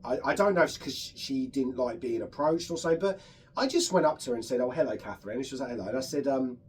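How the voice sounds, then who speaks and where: A man's voice: mid-range voice, lively intonation, fast, darkish tone, far from the mic, a little hiss or hum. Chatty man hosting a radio interview. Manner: chatty, eager storyteller with fillers. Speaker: radio show host. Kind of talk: casual interview chat.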